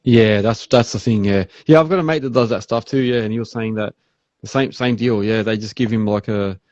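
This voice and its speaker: A laid-back Australian man hosting a casual podcast chat, tossing in "man" and playing out customers' lines. His voice sits mellow and dark, and the recording is dry and a little muffled. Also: lowish voice, a little fast, no echo. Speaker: podcast host.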